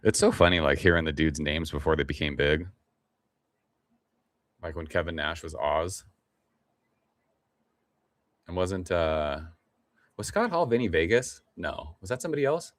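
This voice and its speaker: A man's voice: low voice, measured pace, long pauses, no room sound. A middle-aged man hosting a casual live stream, rambling in a laid-back way and swearing now and then as he reads the chat. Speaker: livestream host.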